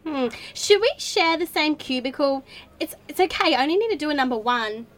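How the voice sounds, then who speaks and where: A woman's voice: high voice, animated, fairly quick, a bit bright, soft background music. A woman playing Wendy, a bubbly, ditzy young woman who gushes and chatters in a comedy audio drama. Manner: giggly, chatty, valley-girl gushing.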